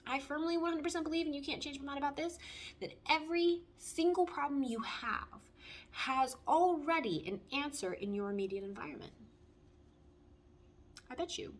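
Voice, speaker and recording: A woman's voice: high voice, slight background noise. A woman giving a casual spoken tarot reading, talking in a frank, blunt and heartfelt way. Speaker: tarot reader.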